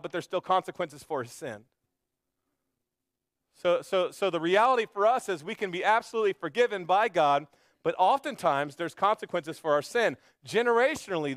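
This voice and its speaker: A man preaching a sermon, retelling a story dramatically and swinging between loud emphasis and hushed intensity. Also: sits high, dry recording. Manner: storytelling preacher, acting out quoted voices. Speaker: pastor.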